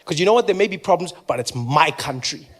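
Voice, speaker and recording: A South African man with a South African accent performs a playful stand-up comedy set, animated and acting out characters. His voice is fairly high-pitched and fast.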